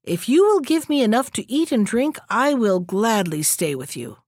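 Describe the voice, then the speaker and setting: A woman's voice: a little high, very animated, normal speed, a little mellow, no room sound. A woman voicing an odd, matter-of-fact man who bags fog, in a storybook reading. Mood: plain.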